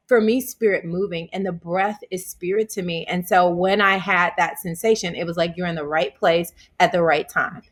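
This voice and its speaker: A woman from Tennessee with a Southern accent, a guest telling her life story in an interview, acting out what people said with laughs. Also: mid-range voice. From Humboldt, Tennessee, US. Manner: animated, acts out quotes with laughter.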